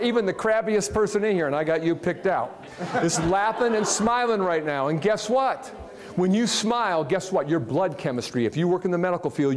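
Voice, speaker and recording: An upbeat man from Ohio works a live crowd in a large hall, giving a motivational talk in a fairly high voice. He is animated and jokey and keeps firing questions at the audience. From Ohio, USA. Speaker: motivational speaker.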